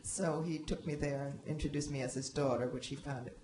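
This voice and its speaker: A woman's voice: deep voice, fairly even intonation, noisy background. Woman reminiscing, echoey hall. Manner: halting, many restarts and fillers. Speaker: panelist. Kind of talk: reminiscing on a panel. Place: library event room.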